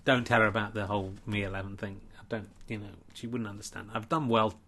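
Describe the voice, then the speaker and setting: Brief: male comedian, late-night stream host, rambling, quiet and mock-pleading. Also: on the low side, little pitch movement, quick pace. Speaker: comedian hosting a charity livestream. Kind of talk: late-night comic livestream chat.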